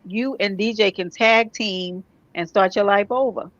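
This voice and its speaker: A woman from New York chatting casually as a vlogger, animated, with quick asides and laughs. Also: medium pitch, no echo, muffled recording. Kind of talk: casual chat.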